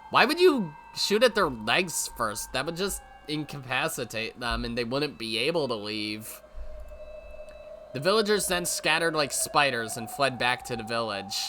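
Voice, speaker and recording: A man's voice: mid-range voice, bright, forceful tone, a little hiss or hum. A man hosting a let's play, reading a visual novel aloud and breaking in with wry, sarcastic asides.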